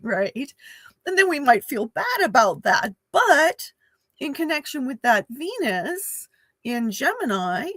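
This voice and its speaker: A woman's voice: fairly high pitch, very animated, slow, fairly bright tone, no room sound. A woman astrologer giving a casual spoken forecast, chatty and full of fillers, often laughing and acting out playful quoted voices.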